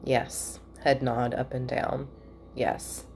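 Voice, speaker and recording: A woman giving a casual spiritual reading at home, chatty and thinking out loud with soft asides. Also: very deep voice, flat delivery, slow, gravelly, slight background noise. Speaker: tarot reader.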